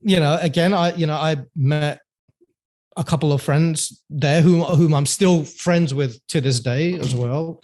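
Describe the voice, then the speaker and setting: A warm-toned man from London with a medium-pitched voice appears as a podcast guest. Telling stories in a casual interview, he's chatty, laughs a lot and uses plenty of fillers.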